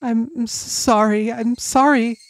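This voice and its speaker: A woman voicing a timid, frightened teenage girl who stammers and pleads softly. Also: fairly high pitch, fairly even intonation, slow pace, a little hiss or hum, voice pushed up, rough recording.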